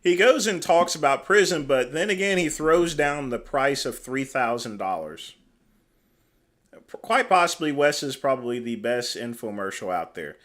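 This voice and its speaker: A man's voice: mid-range voice, lively intonation, moderate pace, a bit bright. A man hosting a livestream, giving casual commentary with dry, mocking asides. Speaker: livestream host.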